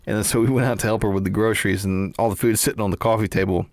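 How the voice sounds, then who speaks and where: A man's voice: on the low side, fairly even intonation, racing, no echo. Easygoing chuckling podcast co-host man. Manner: chuckling, easygoing, chimes in with quips. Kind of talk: casual storytelling chat.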